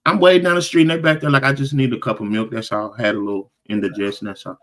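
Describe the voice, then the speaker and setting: A middle-aged man co-hosting a casual podcast, reading out viewer comments with lively, preacher-like emphasis. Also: medium pitch, fast talker. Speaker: podcast co-host.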